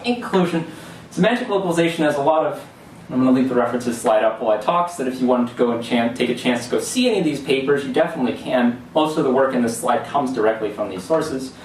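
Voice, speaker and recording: A man's voice: mid-range voice, lively intonation, fast, slight background noise. Young man presenting, echoey distant room. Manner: explanatory, loose, with fillers and restarts. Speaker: student presenter. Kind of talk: classroom lecture presentation. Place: lecture hall.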